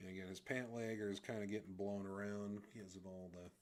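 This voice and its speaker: A man chatting casually on a livestream while he draws, rambling and self-deprecating, thinking out loud and sometimes dropping to a mutter as he concentrates. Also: on the low side, level tone, fairly quick. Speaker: livestreamer drawing comics. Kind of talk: casual chat while drawing.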